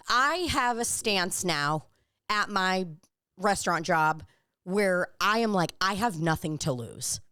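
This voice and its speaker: A woman's voice: medium pitch, a bit bright, clean tone, no room sound, clean studio sound. A young woman co-hosting a podcast, rambling through a story in casual chat and swearing freely. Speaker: podcast co-host.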